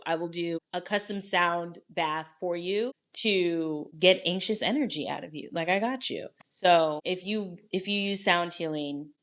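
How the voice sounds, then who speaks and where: A woman's voice: lowish voice, a bit bright. A young woman hosting a wellness podcast, talking casually and playfully to listeners, encouraging them and swearing now and then. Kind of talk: casual solo podcast talk.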